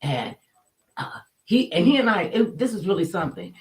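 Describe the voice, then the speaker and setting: A woman telling a personal story casually, colloquial and animated, acting out the people she quotes. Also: on the low side, moderate pace, rough recording.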